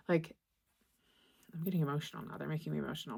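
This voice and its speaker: A young woman giving a tarot reading to camera, gentle and reassuring, halting often and restarting her phrases. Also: low voice, fairly even intonation, gravelly, husky. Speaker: tarot reader.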